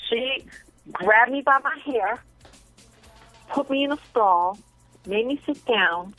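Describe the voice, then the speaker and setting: Bright, animated woman telling profane stories. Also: a little high, slow, soft background music, low-quality recording. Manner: animated, profane, bursts into laughter. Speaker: interview guest. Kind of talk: casual storytelling.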